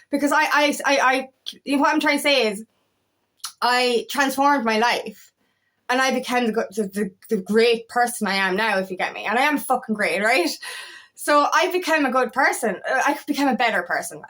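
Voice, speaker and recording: A woman's voice: fairly high pitch, moderate pace, a bit bright. Frank swearing woman coach. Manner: frank, swears freely, repeats herself. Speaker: feminine empowerment coach. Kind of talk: casual motivational monologue.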